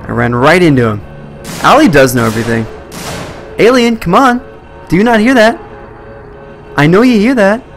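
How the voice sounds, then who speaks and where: A man's voice: high voice, expressive, normal speed, pauses often, faint music behind. Jumpy young man streaming a horror game. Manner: jumpy, swears and exclaims at scares. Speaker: let's play streamer. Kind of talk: live gameplay commentary.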